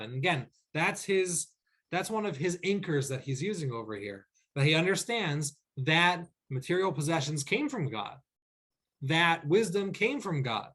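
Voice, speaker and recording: A man, a rabbi, teaching a weekly class over a video call. He explains verses patiently, checks in with "okay?" and reads lines slowly before translating them. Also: fairly high pitch, a bit bright, slightly rough.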